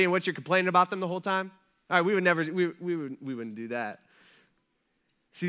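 A pastor's sermon delivered by a man with a bright, forceful voice pitched a touch high. He talks to the congregation like a friend, throwing out rhetorical questions and quick asides. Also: smooth.

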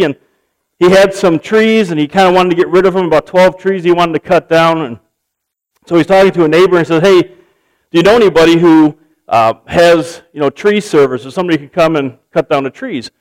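A man's voice: sits high, a little fast, poor audio. A man preaching a sermon, telling a joke story and acting out its characters with animation. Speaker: pastor.

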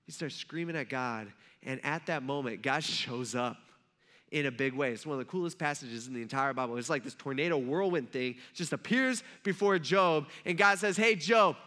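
Bright-voiced storytelling preacher. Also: male voice, mid-range voice, moderate pace. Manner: conversational storytelling with rhetorical asides. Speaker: pastor. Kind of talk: sermon.

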